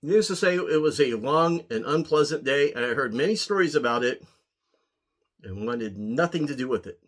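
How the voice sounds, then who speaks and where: Husky-voiced man spinning a wry story. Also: medium pitch, lively intonation, moderate pace. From Ohio, USA. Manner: wry, dry, chuckling at his own story. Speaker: pipe-smoking vlogger, army veteran. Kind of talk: casual storytelling.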